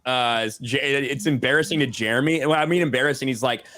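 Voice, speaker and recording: A man's voice: medium pitch, quick pace, sharp tone. A man co-hosting a podcast in casual chat, blunt and unfiltered, swearing freely.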